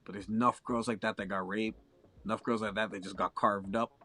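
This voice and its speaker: A man's voice: fairly low pitch, steady tone, fairly quick, sharp tone. A young Canadian man telling a long story in a casual chat, profane and full of slang.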